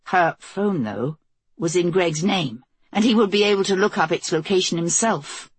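A woman narrating a novel as an audiobook in a steady, measured storytelling voice, recorded close to the mic. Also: on the low side, husky, no room sound. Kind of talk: scripted narration.

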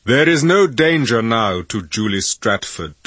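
A man with a husky voice, voicing an ancient Egyptian king who speaks in a formal, passionate way with slow emphasis. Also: mid-range voice, very animated, a bit bright, no echo, heavily acted.

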